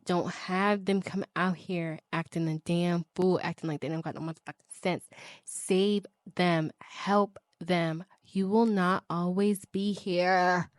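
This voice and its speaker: This solo podcast host speaks slowly in a lowish, steady voice, captured in clean, echo-free studio audio. Her monologue is heated and insistent, full of swearing, with pleading phrases repeated and sighs and laughs scattered between points.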